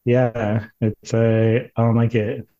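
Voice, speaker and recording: Slow, mellow-voiced man chatting. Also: mid-range voice, dull audio. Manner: relaxed, halting, laughs softly. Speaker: podcast guest. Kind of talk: casual chat.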